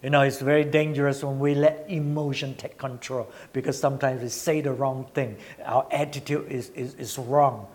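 A man preaching a sermon in an earnest, halting way, repeating words as he builds emphasis. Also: medium pitch, flat delivery.

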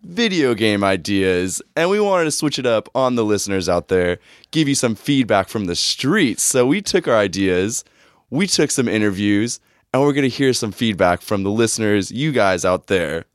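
A man's voice: lowish voice, animated, moderate pace, dry recording, clean studio sound. A young man co-hosting a comedy podcast from a bedroom, joking and laughing as he gives announcer-style intros. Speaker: podcast co-host. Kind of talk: casual comedic podcast banter.

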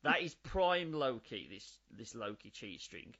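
Man, 30s, animated casual podcast co-host; slightly dull recording. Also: medium pitch, measured pace. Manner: animated, swears freely, riffs on ideas. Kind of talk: casual chat.

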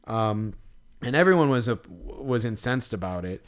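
A podcast co-host recaps a show in casual, rambling chat, his fairly low voice animated and moving at a moderate pace. He leans heavily on "like" and other fillers while acting out what people said.

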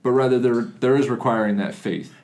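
A man's voice: medium pitch, brisk, a little mellow. A man talks casually as a podcast co-host, moving between dad jokes and reflective thoughts on faith. His voice sits in an ordinary middle range, and he often restarts his sentences. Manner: joking, reflective, self-interrupting.

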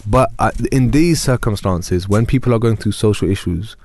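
Earnest young imam, dark and low. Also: male voice, normal speed, no room sound, clean studio sound. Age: young adult. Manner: earnest, retells scenes with quoted dialogue. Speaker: imam and youth worker. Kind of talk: panel discussion, storytelling.

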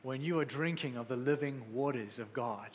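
A man preaching a sermon with passion, swinging between loud exclamations and quiet, soft stretches. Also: mid-range voice, moderate pace, long reverb tail, slight background noise. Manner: passionate, rising to exclamations then dropping soft.

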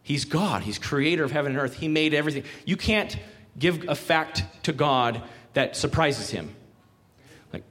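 A pastor with a fairly high, fairly bright voice and lively intonation preaches at normal speed, with long hall reverb on the recording. His sermon is conversational; he acts out quotes and puts questions to the congregation.

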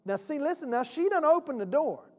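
A man's voice: extremely high pitch, animated, brisk, darkish tone. A man preaching a sermon, a pastor telling a folksy story and acting out both sides of a phone call. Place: church sanctuary. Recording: church hall reverb.

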